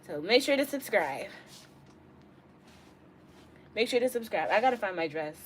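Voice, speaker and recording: A bubbly young woman streams live from her bedroom, chatting with viewers and answering their comments. She is giggly and playful, jumping from loud outbursts to quiet mumbles. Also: mid-range voice, lively intonation, moderate pace, a little hiss or hum.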